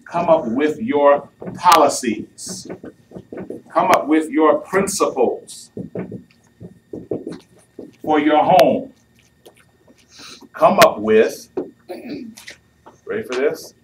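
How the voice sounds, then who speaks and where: Speaking extremely slowly with frequent pauses, a man with a slightly high, expressive voice gives a sermon-style youth talk on marriage. He's playful, acting out what couples say as the live audience laughs. The distant mic picks up faint noise.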